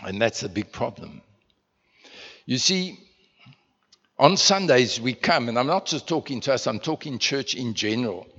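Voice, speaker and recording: A man's voice: medium pitch, animated, normal speed, long pauses, fairly bright tone, slightly rough. A man from South Africa preaching a sermon to his congregation, talking conversationally with many rhetorical questions and repeated words. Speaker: pastor. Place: church. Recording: muffled sound in a reverberant church hall.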